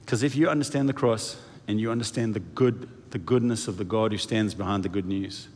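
Male pastor mid-sermon, lively and dramatic delivery acting out quotes, recorded with long church reverb. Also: fairly quick. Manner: animated, acts out quoted voices, lively swings in pitch and volume. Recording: echoey hall reverb.

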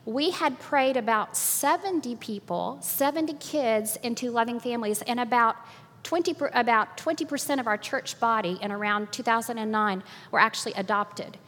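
An older woman giving a personal faith testimony at church, animated and often laughing, acting out what others said. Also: a little high, normal speed, big-room sound. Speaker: church speaker.

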